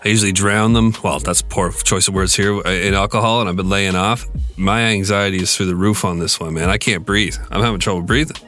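A man's voice: low-pitched, fairly even intonation, brisk, fairly bright tone, faint music behind. A man hosting a casual reaction chat, rambling and uneasy. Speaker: podcast host.

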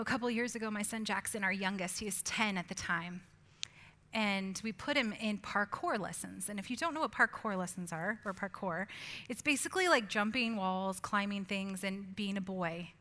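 A woman in her forties preaching a sermon, moving from earnest exhortation to soft whispered asides and playful family storytelling. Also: medium pitch. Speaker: pastor.

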